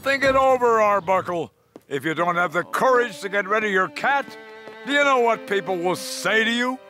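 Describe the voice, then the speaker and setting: A man voicing a pompous older cartoon doctor who talks slowly and smoothly in leading questions. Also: sits high, lively intonation, sharp tone. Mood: coaxing. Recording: cartoon soundtrack with music.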